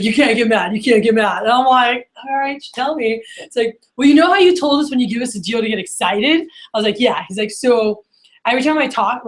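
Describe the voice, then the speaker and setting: A woman sales manager telling stories at a workshop, acting out the phone calls she quotes. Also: medium pitch. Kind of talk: workshop storytelling.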